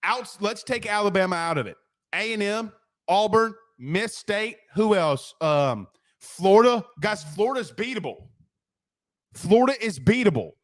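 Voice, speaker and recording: High-voiced brash sports talk host. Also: male voice, animated. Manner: brash, profane, rapid-fire ranting. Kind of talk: fired-up postgame sports rant.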